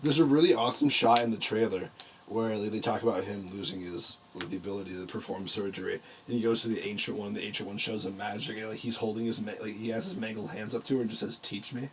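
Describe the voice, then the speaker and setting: A man's voice: lowish voice, fairly even intonation, fast, a little hiss or hum, poor audio. A young man co-hosting a podcast, chiming in with dry, wry remarks. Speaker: podcast co-host. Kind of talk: casual podcast chat.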